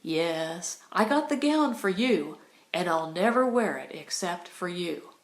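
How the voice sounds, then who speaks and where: A woman's voice: fairly low pitch, lively intonation, unhurried. A woman reading Carly, a blunt coquette. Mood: flirtatious. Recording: roomy echo.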